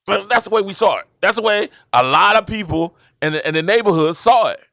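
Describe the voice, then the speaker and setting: A man from Georgia, hosting a casual sports talk stream and telling stories in an animated, repetitive way. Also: high-pitched, a little fast, creaky, no echo, studio quality. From Georgia, USA. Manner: animated, repetitive storytelling with laughs. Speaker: show host. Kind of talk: casual commentary livestream.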